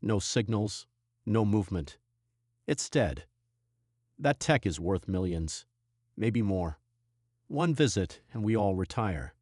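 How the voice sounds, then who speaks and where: A man's voice: fairly low pitch, animated, slow pace, long pauses, darkish tone, dry recording, studio quality. A man narrating a sci-fi story who reads the lines of a greedy, bold alien salvage captain giving terse orders.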